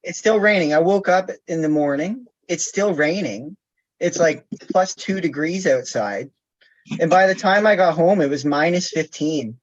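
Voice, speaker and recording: A man's voice: a little high, measured pace. A man calling in to a live chat, telling a story in a chatty, giggly way over a video call. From Canada. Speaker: caller. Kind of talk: casual chat. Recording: dull lo-fi call audio.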